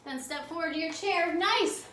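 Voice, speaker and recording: Her voice high, fairly bright and lively in intonation, a yoga instructor coaches a class in a library program room with brisk, upbeat encouragement, slightly breathless as she moves. A faint hum sits under the distant, echoey recording.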